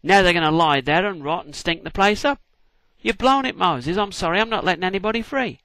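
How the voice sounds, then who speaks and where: A man's voice: a little high, big pitch swings, moderate pace, a bit bright, pitched above the performer's own voice. A man voicing a smug, boastful male Egyptian king, with a mock-impressed, exclaiming manner. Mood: indignant.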